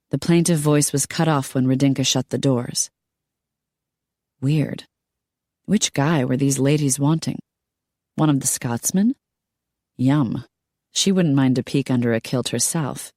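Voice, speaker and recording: A woman narrating an audiobook in a steady storytelling manner. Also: extremely low pitch, a little slow, no echo, clean studio sound. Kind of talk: scripted narration.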